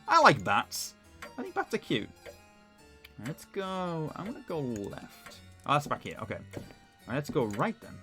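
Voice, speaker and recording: A man with a Northern English accent commenting casually on a game playthrough, chatty and quick to laugh, with faint music behind. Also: on the high side, huge pitch swings, sharp tone, husky. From north of England. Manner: chatty, laughs often, self-deprecating. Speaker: streamer.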